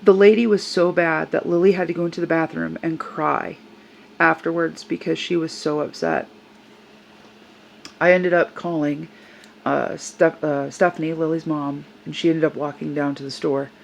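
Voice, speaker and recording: A woman's voice: low voice, steady tone, moderate pace, creaky, a little hiss or hum, rough recording. An older woman tells a personal story in a vlog, earnest and upset as she recounts what happened. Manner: upset, earnest retelling with quoted voices. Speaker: service dog handler.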